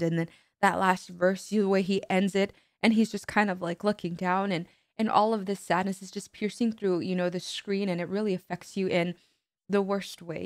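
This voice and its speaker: A woman talks through her reaction to a song, earnest and rambling, full of fillers and restarts. She is tearful and trying to collect herself. Her voice sits at a middle pitch and sounds dry and close. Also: no echo. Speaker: music reaction host. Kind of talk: emotional reaction commentary.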